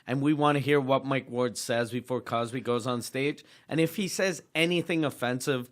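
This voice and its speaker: A man's voice: medium pitch, moderate pace. Profane male comic. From Quebec, Canada. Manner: profane, rambling, many restarts. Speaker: comedian guest. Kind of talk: casual storytelling.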